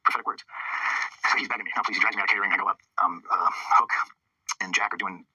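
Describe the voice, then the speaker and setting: A middle-aged man talks at a breakneck clip in a low, sharp, husky voice, swearing as he tells his stories. He acts out old arguments in quick bursts. The sound is dry and close, recorded on a studio mic. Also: fairly even intonation, no echo, poor audio. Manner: rapid, profane, acts out past conversations. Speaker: interview guest. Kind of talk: candid storytelling interview.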